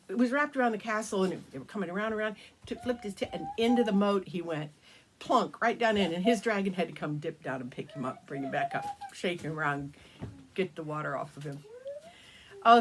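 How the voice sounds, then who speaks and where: An older woman, a grandmother, narrating a bedtime story in an animated way and dropping to hushed whispers for suspense. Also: medium pitch, slight background noise.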